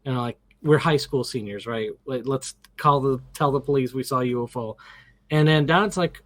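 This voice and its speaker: With medium pitch and normal speed, a middle-aged man tells a story as an interview guest. He's casual and animated, dramatizes the quotes, and restarts sentences a lot. There's no room sound.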